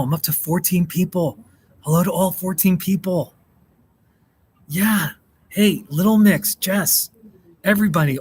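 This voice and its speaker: A man's voice: high-pitched, slightly rough. An American man hosting a casual live stream, chatting with viewers, thanking them by name and laughing often. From United States. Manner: chatty, reads out and answers chat, laughs often. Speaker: livestream host.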